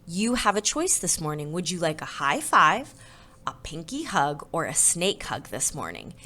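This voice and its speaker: A woman's voice: deep voice, big pitch swings, normal speed, bright, forceful tone, exaggerated voice. Woman reading as a friendly schoolteacher.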